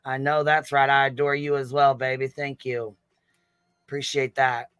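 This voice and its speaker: A man's voice: medium pitch, little pitch movement, normal speed, a bit bright, clear, resonant tone, no room sound. A man hosting a casual livestream, swearing freely, giggling and thanking chat members. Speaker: livestream host.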